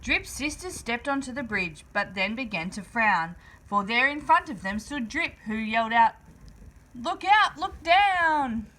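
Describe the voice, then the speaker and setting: Animated woman reading a picture book aloud. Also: on the high side, moderate pace, few pauses, poor audio. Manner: animated, rhythmic rhyming delivery. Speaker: storyteller.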